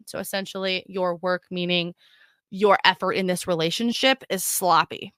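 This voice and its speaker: A woman's voice: medium pitch, a little slow, bright, forceful tone, smooth, no room sound, studio quality. A young adult woman hosting a podcast, talking casually to her listeners with frequent restarts and filler words. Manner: chatty, stumbling restarts, addresses listeners as guys. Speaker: podcast host. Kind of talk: casual solo podcast talk.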